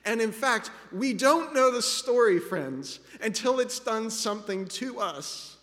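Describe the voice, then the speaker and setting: High-voiced preacher with long hall reverb. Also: male voice, expressive, measured pace, a bit bright. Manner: earnest, reflective, addresses listeners as friends. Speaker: pastor. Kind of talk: sermon.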